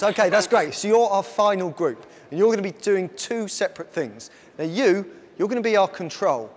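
A man presenting a live science show on stage, energetically bossing volunteers around and shouting instructions. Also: high voice, expressive, normal speed, few pauses. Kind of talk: lively live science demonstration.

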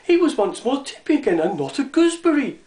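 A male storyteller reads a children's book aloud, with lots of expression. His pitch swoops up and down to carry the story along. The recording is echoey and roomy. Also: a little fast. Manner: expressive, animated reading.

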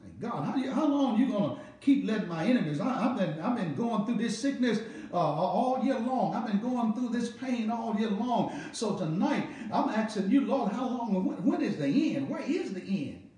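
A man with a Southern American accent, a pastor preaching a Bible study in an animated call-and-response style with repeated phrases. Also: high-pitched, normal speed. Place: church sanctuary. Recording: echoey room, mic at a distance.

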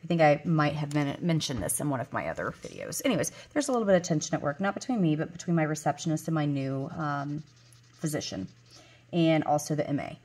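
A woman's voice: deep voice, animated, fast talker, a little mellow. A woman in her forties chatting casually, rambling through a story with fillers and self-corrections. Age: 40s. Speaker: vlogger. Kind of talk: casual chat while counting cash.

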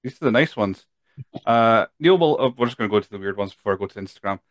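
A man's voice: on the low side, animated, fast, dry recording. A Scottish man hosting a podcast, chatty and tired, reading out listener questions with lots of fillers. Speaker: podcast host. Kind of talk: casual chat.

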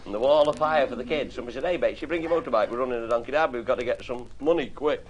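A man's voice: medium pitch, rapid-fire, lo-fi sound. A middle-aged man telling comic stories to a live audience, blunt and swearing freely as he puts on voices for the people in them. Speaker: comic storyteller. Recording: old 1960s live recording with hiss.

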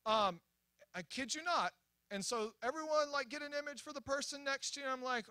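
A young man preaching at a church, telling a story in an animated, excitable way with many restarts and acted-out quotes. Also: very high-pitched, brisk, dry recording. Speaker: guest preacher. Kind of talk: sermon storytelling. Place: church sanctuary.

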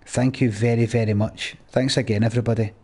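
A man's voice: mid-range voice, fairly even intonation, fairly quick, a little mellow, husky. A man streaming a video game, thanking donors one by one with crude, sweary banter. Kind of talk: casual live-stream chat.

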